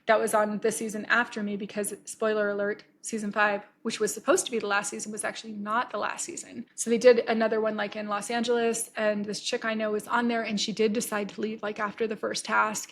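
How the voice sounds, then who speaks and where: A woman's voice: on the high side, little pitch movement, brisk, few pauses, a bit bright. A woman in her forties hosting a podcast, telling a story in a casual, candid way, swearing freely and acting out quoted dialogue. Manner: retells scenes with quoted dialogue. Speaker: podcast host.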